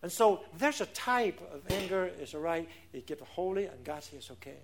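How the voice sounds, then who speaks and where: A man's voice: a little high, animated, moderate pace, noisy background. A middle-aged man preaching a sermon as pastor, emphatic, asking rhetorical questions, speaking English with non-native grammar.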